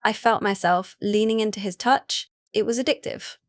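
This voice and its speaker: A woman narrating a first-person romance audiobook in an even, unhurried reading voice. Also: medium pitch, dry recording.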